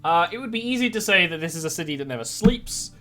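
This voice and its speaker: A man's voice: high-pitched, quick pace. A man narrating as game master, rambling through scene descriptions with lots of fillers. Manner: animated, rambling with many fillers. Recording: faint music bed behind.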